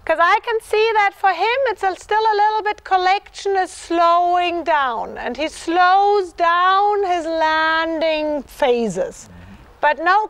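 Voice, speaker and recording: Extremely high-pitched and fairly bright, this woman's voice guides a dressage rider through a live lesson. She chants the horse's rhythm aloud and keeps encouraging the rider with repeated yeses.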